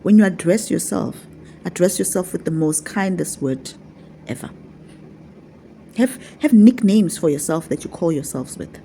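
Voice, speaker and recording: A woman's voice: lowish voice, lively intonation, normal speed, gravelly, warm tone, slight background noise. A woman talking to her viewers as a spiritual teacher, repeating her points in a coaxing, affectionate way. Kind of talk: casual vlog teaching.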